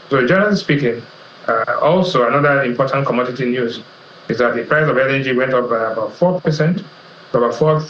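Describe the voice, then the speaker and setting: A middle-aged Nigerian man, an economist guest, explaining commodity prices in a measured way, listing figures one by one. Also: mid-range voice, fairly bright tone, slight background noise. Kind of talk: economic analysis interview. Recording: roomy, slightly dull TV audio.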